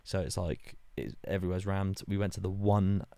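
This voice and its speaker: Deep-voiced young man telling stories. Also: moderate pace, gravelly, no room sound. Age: young adult. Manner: animated storyteller, acts out quotes in high voices. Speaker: podcast host. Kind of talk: casual chat.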